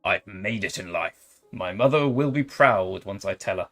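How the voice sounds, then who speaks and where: Lowish-voiced dry-humoured man in his thirties. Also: expressive, moderate pace, fairly bright tone, faint music behind. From England. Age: 30s. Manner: dry, self-mocking banter. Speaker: game streamer. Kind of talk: live stream chat. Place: room.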